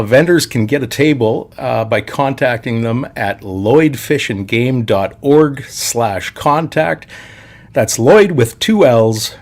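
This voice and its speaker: Guy w a gravelly voice hosting a podcast, laid back, jokey, middle pitch. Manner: easygoing, joking, laughs often. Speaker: podcast co-host. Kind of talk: casual podcast chat and sponsor reads.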